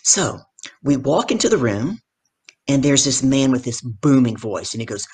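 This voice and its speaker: A middle-aged woman, a professional speaker and guest, telling stories from her career in animated conversation and acting out the people in them. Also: very deep voice, measured pace, husky. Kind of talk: conversational storytelling.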